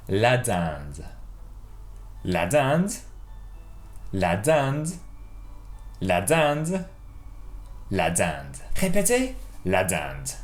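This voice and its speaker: A man teaching a playful French lesson for children from a home kitchen, repeating words for pupils to copy. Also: on the low side. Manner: playful, drills words with varied voices. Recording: echoey room with faint music.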